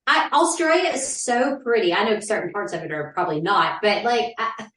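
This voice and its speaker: A woman, co-hosting a casual podcast, blunt and animated. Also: a little fast, echoey room, distant mic. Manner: animated, swinging pitch, blunt and profane. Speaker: podcast co-host. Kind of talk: casual chat.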